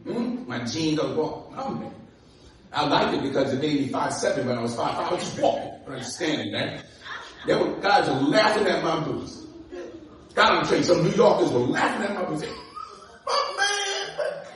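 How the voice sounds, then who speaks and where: A man's voice: on the high side, moderate pace, a little hiss or hum. A pastor, preaching a sermon full of stories, acting out dialogue with laughter in his voice. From New York. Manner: animated, acts out dialogue, laughs often. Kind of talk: sermon with storytelling. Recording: echoey room from far off.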